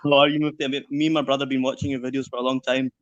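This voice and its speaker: Fast-talking man from Scotland on a dull call line. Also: mid-range voice, flat delivery, no echo. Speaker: caller. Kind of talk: video call question. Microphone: video call.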